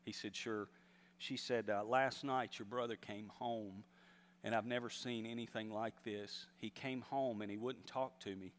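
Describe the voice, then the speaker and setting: Male pastor, mid-pitched voice, storytelling sermon with emphatic swells, long hall reverb. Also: fairly even intonation, unhurried. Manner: storytelling, rising to emphatic exhortation.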